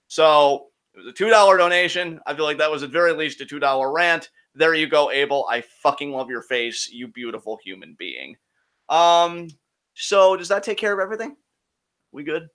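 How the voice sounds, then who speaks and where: A man's voice: fairly high pitch, expressive, moderate pace, fairly bright tone. A man co-hosting a live-streamed Q&A show, chatting casually and launching into heated, profane rants. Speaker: co-host of a Q&A show.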